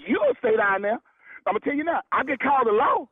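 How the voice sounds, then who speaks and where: A man's voice: very high voice, sing-song, a little fast, slightly rough, no room sound. A man on a phone call, blunt and exasperated, swearing and repeating himself. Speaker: prank call target. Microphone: telephone. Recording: tinny dry phone line.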